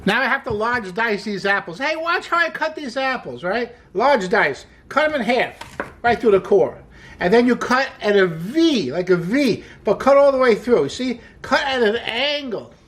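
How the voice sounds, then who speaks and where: An upbeat home cooking host walks through a recipe in a relaxed, chatty way, opening many lines with "hey" and calling things "wonderful". The voice sits at a middle pitch, and quips and laughter at their own jokes keep the tone light. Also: normal speed, a little hiss or hum. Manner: repeats praise like "wonderful". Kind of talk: casual cooking demonstration.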